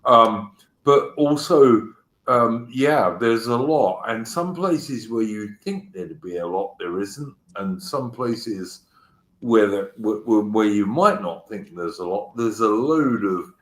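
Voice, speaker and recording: A man's voice: lowish voice, lively intonation, takes it slowly, fairly bright tone. A man hosting a live history stream, chatting casually and answering comments from the chat. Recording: echoey room.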